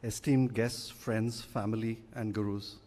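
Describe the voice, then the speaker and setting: A man, a father giving a measured, heartfelt prepared speech at a stage event. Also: lowish voice, fairly even intonation, darkish tone. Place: large auditorium. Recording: long reverb of a live auditorium.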